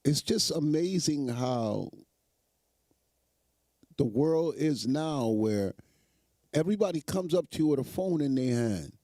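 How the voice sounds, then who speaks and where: A man's voice: a little high, animated, unhurried, long pauses, dark tone, no room sound. A man hosting a show, giving sarcastic, emphatic commentary on news clips and repeating phrases for effect. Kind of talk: mocking live commentary.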